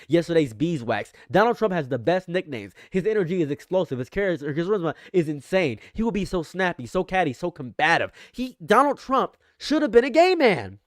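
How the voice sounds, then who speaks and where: Excitable male commentator, high-ish voice. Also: dry recording, studio quality. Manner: excitable, incredulous, jumps up loud and high in outbursts. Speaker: streamer and commentator. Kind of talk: livestream reaction commentary.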